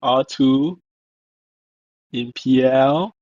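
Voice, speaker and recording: A man's voice: mid-range voice, drawn-out words, a little mellow, no echo. A man narrating a language lesson, saying each word and then repeating it with stress. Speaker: language teacher. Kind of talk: slow scripted lesson narration. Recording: dull lo-fi voice-over.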